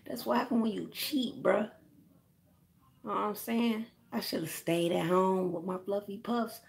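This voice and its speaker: Creaky-voiced woman ranting on her vlog. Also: mid-range voice, fairly even intonation, unhurried. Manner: profane, frustrated ranting, addressing viewers and friends by name. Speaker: hair care vlogger. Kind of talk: casual vlog rant to viewers.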